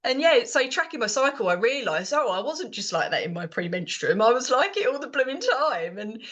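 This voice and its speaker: A woman's voice: on the high side, big pitch swings, fairly quick, fairly bright tone. Middle-aged British woman, rambling podcast co-host, lots of ums and restarts. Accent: British English. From Britain. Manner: rambling, many fillers and restarts. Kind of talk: casual chat.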